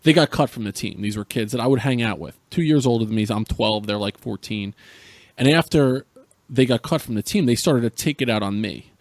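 A man's voice: medium pitch, a little fast, dry recording. A middle-aged man from Central New Jersey, a podcast guest earnestly retelling a painful personal story with frequent restarts.

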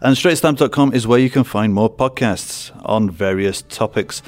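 A man's voice: on the low side, moderate pace, hardly any pauses, faint music behind. A man hosting a sports podcast, leading a casual chat in a playful, teasing way. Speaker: podcast host.

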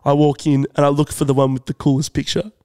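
A young man telling a comedic story on a podcast in an animated, drawn-out way. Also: fairly high pitch, smooth, dry recording. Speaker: podcast co-host.

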